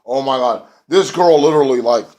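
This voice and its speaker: A man's voice: medium pitch, a little fast, darkish tone. A young man reviewing a wrestling show in loose, rambling chat with lots of swearing and fillers. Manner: rambling, profane, filler-heavy. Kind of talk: casual chat.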